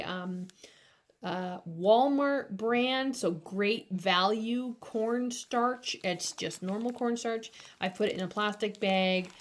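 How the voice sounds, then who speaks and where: A woman doing nails in her home studio, talking through each step in a casual, chatty way with lots of fillers. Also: mid-range voice. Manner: slow, chatty, with many fillers. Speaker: nail artist. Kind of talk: casual tutorial chat.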